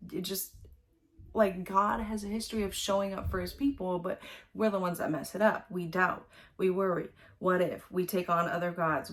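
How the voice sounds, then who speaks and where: A woman with a somewhat low voice shares thoughts on a scripture passage in an unpolished, conversational way. She rambles, circles back and leans on fillers as she goes. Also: fairly bright tone. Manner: rambling, with many fillers and restarts. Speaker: vlogger. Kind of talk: casual Bible reflection.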